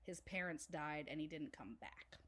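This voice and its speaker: A woman co-hosting a podcast, chatting casually about a film, animated and laughing as she mimics characters. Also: low voice, moderate pace. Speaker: podcast co-host. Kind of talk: casual film-review chat.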